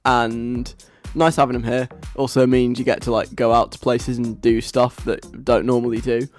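A man's voice: medium pitch, level tone, normal speed, soft background music. A young man DJing on the radio, chatting casually in a giggly, rambling way.

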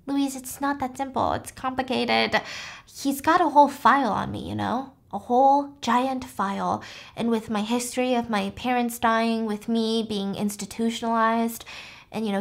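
A woman voicing a sedated young wife who speaks softly and hesitantly about her troubled marriage. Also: a little high, vocal fry. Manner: soft, subdued, hesitant. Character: sedated, drowsy young wife confiding quietly.

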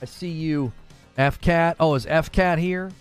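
A man's voice: fairly high pitch, slow, clear, resonant tone, soft background music. A young adult man hosting a gaming news show, talking casually and animatedly on a livestream and answering chat.

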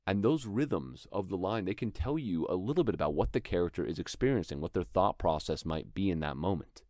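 Male host, young adult, earnest teacher, very deep voice, dead dry recording. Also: expressive, fairly quick, darkish tone, dry recording. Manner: earnest, explains with rhythmic examples. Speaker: acting teacher and podcast host. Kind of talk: instructional talk.

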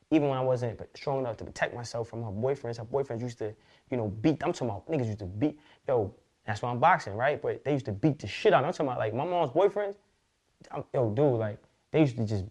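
A man speaking as a podcast guest, his words rushing out in quick, loose street slang laced with swearing. His pitch sits in an ordinary middle range. He tells his story candidly and unguarded. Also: a little mellow. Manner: fast, slangy, profane street talk.

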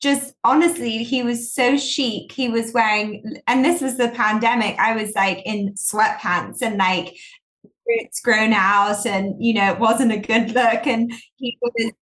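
In a casual interview chat, a young woman who works as a designer talks about her design partner in long, rambling sentences with lots of fillers and restarts. Her voice is on the high side, steady in tone, fairly bright and a little slow.

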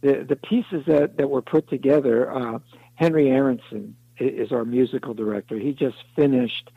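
A man's voice: mid-range voice, steady tone, normal speed, gravelly, husky, phone-quality sound. A man being interviewed as a songwriter, telling long rambling anecdotes and acting out the other people in them. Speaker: songwriter guest. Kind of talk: interview storytelling.

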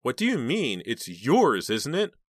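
A man voicing a blunt, joking teenage girl with a hoarse, squeaky voice. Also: wildly swooping pitch, measured pace, no room sound, clean studio sound. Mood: teasing. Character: short chunky teenage girl, blunt joker.

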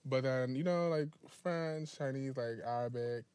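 A man's voice: mid-range voice, measured pace, darkish tone, smooth, no echo. A young man co-hosting a podcast, talking in a blunt, emphatic way in casual chat. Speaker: podcast co-host.

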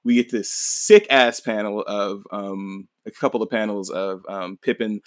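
Low-voiced man in a casual manga recap. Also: fairly even intonation, measured pace, no echo. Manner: rambling, swears, laughs easily. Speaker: podcast host.

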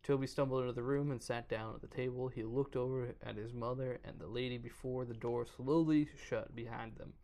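A man's voice: medium pitch, fairly even intonation, fairly quick, few pauses, dark tone. A man hosting a podcast, casually reading a horror story aloud and stumbling over words now and then. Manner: reads aloud, stumbles, breaks off to joke. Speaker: podcast host.

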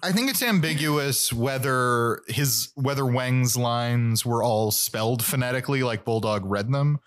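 A man's voice: medium pitch, measured pace, a bit bright. A man co-hosting a casual podcast, recapping a TV episode, who laughs often and searches for words. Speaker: podcast co-host.

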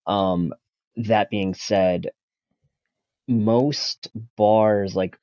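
Blunt, deep-voiced male bar guest. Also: fairly even intonation, drawn-out words, a little mellow, dry recording, lo-fi sound. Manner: blunt, profane, sarcastic. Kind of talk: casual podcast chat.

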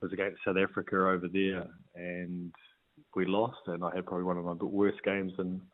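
Over a tinny phone line, a man with a low-pitched, flat voice chats a bit fast as a rugby player being interviewed. There's no room sound, and his relaxed answers are full of ums and false starts.

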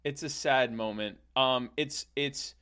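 A young man improvising a rambling comic story, full of halting restarts and playful asides. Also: mid-range voice, sharp tone, clear, resonant tone.

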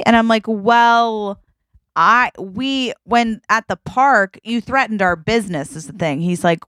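A woman's voice: on the high side, measured pace, a bit bright, no room sound. A woman co-hosting a podcast, telling a story in casual chat, laughing often and acting out what people said. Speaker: podcast co-host.

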